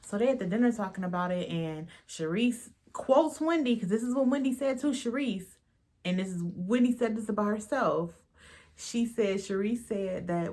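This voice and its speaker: A woman's voice: lowish voice, normal speed. Blunt slangy woman recapping reality tv. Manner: blunt, slangy, swears freely, mimics cast members. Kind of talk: casual recap vlog.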